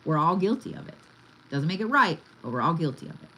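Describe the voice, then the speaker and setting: A woman's voice: deep voice, big pitch swings, fast talker, fairly bright tone, slight background noise, low-quality recording. A woman giving a casual card reading, chatty and blunt, swearing freely as she talks. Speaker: tarot reader.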